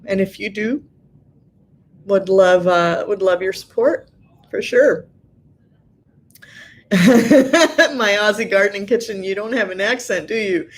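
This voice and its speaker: A middle-aged woman from Southern California hosting a live stream, chatting casually as she reads viewer comments, laughing often and filling pauses with lots of ums. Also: fairly low pitch.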